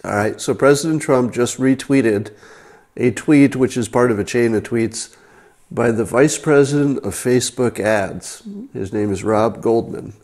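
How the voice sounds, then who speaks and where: A man's voice: medium pitch, a little slow, darkish tone. A man hosting a casual livestream, talking straight to his viewers in a wry, incredulous way. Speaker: livestream host.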